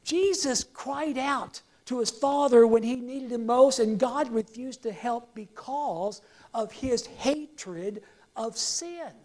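A woman's voice: on the high side, slow pace, darkish tone. A woman preaching a sermon to a congregation, emphatic and repeating key phrases for them to say back. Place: church service with projected slides.

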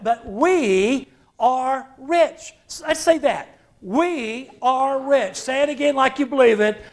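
Male pastor, very high voice, emphatic, call-and-response sermon, church sanctuary. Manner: emphatic, repetitive, calls for congregation responses.

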